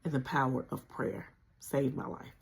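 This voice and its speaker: A woman telling a painful personal story on a livestream, speaking earnestly and conversationally with deep spiritual conviction. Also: normal speed, creaky. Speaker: channel host sharing a personal story.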